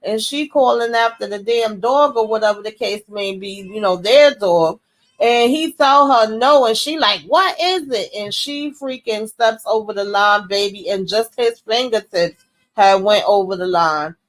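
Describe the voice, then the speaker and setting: A woman casually recapping a TV series episode in a slangy, profane, animated way, often acting out the characters' lines. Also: medium pitch, measured pace.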